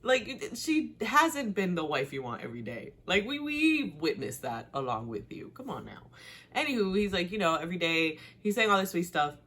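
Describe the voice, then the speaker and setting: A woman hosting a casual TV recap, chatty and animated, blunt and slangy, laughing often. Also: normal speed. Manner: chatty and animated, with big pitch swings and frequent laughs. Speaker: host.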